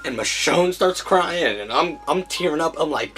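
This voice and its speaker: A man's voice: a little high, expressive, normal speed, a bit bright. A man hosting a casual comic book review show, retelling stories and acting out characters' lines, with faint music behind. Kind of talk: casual chat recapping comics.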